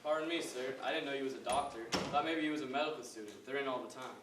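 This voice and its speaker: An actor playing a humble, working-class male orderly in a school stage play, speaking in rough, plain talk. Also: medium pitch, rapid-fire, heavy background noise, natural voice. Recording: echoey stage recorded from far off.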